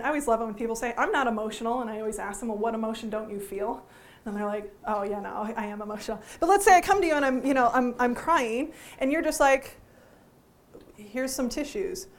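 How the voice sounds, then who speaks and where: High-voiced, lively woman teaching a workshop. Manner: lively, joking, asks the audience questions. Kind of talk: interactive workshop talk. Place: conference room before a live audience.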